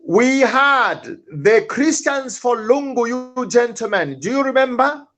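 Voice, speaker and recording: High-voiced impassioned man. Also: lively intonation, slow pace, a bit bright. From Zambia. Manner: angry, repeats words and restarts often. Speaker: panelist. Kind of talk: impassioned talk-show commentary.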